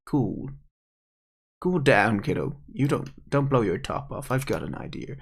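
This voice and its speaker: Give me a man doing a dry, impatient old pike in a game, ordinary pitch. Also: animated, measured pace, vocal fry, husky, full character voice. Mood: gruff. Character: old sarcastic male pike fish, gruff outlaw. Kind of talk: reading game dialogue aloud.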